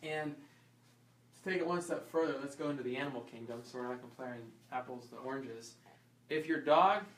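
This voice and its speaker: A chiropractor teaching an informal health class, quizzing the audience and acting out small scenes. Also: male voice, mid-range voice, moderate pace. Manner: lively, asks the audience questions and acts out little scenes. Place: class room. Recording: echoey room, voice from far off.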